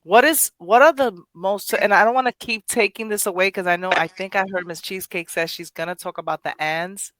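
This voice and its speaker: A podcast host, enthusiastic and quick to interject, leading a casual discussion. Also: medium pitch, noisy background.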